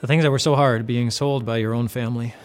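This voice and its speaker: A man's voice: medium pitch, fairly even intonation, fast talker, faint music behind. A man giving an earnest devotional retelling of a Bible story, often repeating words as he goes.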